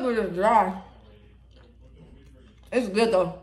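A woman's voice: medium pitch, moderate pace. A young woman vlogger chatting casually through a mukbang food review. She talks between bites and hums while she tastes. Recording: roomy echo.

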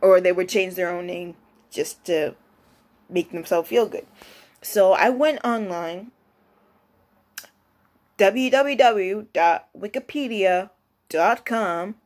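A young woman telling a story in a casual, rambling monologue, with many restarts and excited rises in pitch. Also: takes it slowly, pauses often. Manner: lively pitch jumps when excited. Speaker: vlogger.

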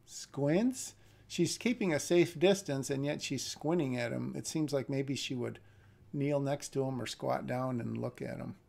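A man's voice: mid-range voice, measured pace, vocal fry, a little mellow. A man reading a screenplay aloud on a live stream and critiquing it, thinking aloud with hesitant restarts. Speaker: script reader and critic.

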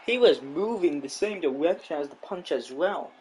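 A man's voice: on the high side, expressive, moderate pace, darkish tone. A man live-streaming a fighting game, talking over it in a joking, boastful, rambling way. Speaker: gaming streamer.

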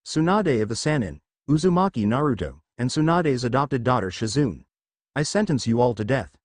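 A sly old male leader passing a death sentence with quiet menace, voiced by a man. His pitch moves widely. The sound is dry and close. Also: sing-song, moderate pace, no room sound. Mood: menacing. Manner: cold, menacing.

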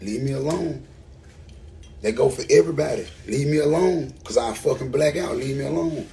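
With a warm, medium-pitched voice edged with vocal fry, a rapper in his thirties from Memphis, Tennessee, rants to camera at a moderate pace. His Southern-accented tirade is angry and profane, built on hammered, repeated phrases, and a little hiss or hum sits in the recording.

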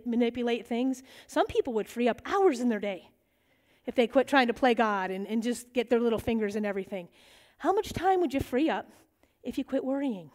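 A middle-aged woman teaching a bible study, lively and animated, acting out the voices in the stories she tells. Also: on the high side. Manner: animated, acts out quoted voices.

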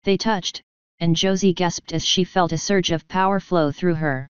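A woman narrating a fan story in a steady, even reading voice. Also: fairly low pitch, normal speed, clean tone, no echo, highs cut off. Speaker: fanfiction reader. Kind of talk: audiobook-style story narration.

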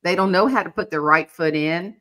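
Speaking fairly quickly in a fairly low voice, a middle-aged podcast host spins casual stories at her own expense. She is animated and acts out the quotes of the people involved.

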